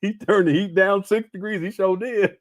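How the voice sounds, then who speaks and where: A man's voice: high voice, steady tone, normal speed, no room sound. A man hosting a livestream, chatting casually in loose, joking, profane reaction commentary and tripping over his words. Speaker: livestream host.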